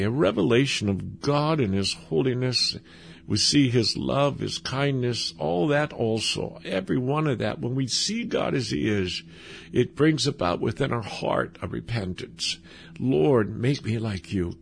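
A man preaching a sermon with passion, repeating phrases and swinging from loud cries to low, quiet lines. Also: gravelly, slight background noise. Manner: impassioned, rising to cries and dropping low; repeats phrases, small restarts.

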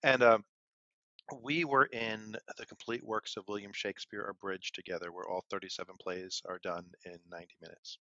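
A man with a lowish voice co-hosts a podcast and tells a long story. He talks casually and wanders with fillers. The sound is muffled and dry. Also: fairly even intonation, moderate pace, bright, forceful tone, no room sound. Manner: rambling, with frequent fillers. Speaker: podcast co-host. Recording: dull, lo-fi and dry.

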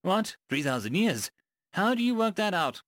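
A man voicing a sardonic human woman crewmate with a wry, deadpan manner. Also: high voice, moderate pace, no echo, studio quality.

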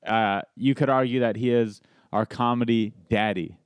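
A man's voice: mid-range voice, steady tone, moderate pace, clean tone, no room sound, clean studio sound. A man who is a stand-up comedian, telling a story in casual podcast chat, acting out quoted voices and swearing.

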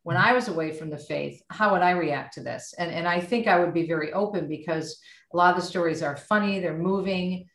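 A middle-aged woman, a radio host, chatting with warm encouragement in a casual podcast conversation. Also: fairly low pitch, brisk. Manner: warm, animated and encouraging, speaks of faith. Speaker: radio host and author guest. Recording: roomy echo.

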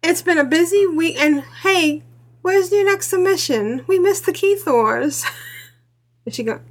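A woman's voice: very high voice, measured pace. A woman hosting a gaming podcast, chatty and laughing often in casual conversation. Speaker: podcast host. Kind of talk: casual chat.

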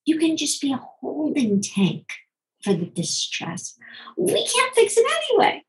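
Middle-aged woman doctor talking parenting, super animated, does little voices when she quotes people, talks fast then slows way down. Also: gravelly, poor audio. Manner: animated, acts out quoted voices with big pitch jumps; rapid bursts that slow for emphasis. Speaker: physician and parenting author. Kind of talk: conversational interview answers.

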